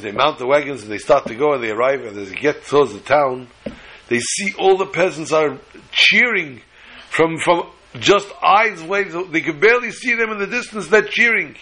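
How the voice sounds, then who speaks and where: A male storyteller with a fairly high, bright and forceful voice and a husky texture. He tells the tale with lively repetition and builds momentum as he goes. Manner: animated, repetitive phrasing. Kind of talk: oral storytelling.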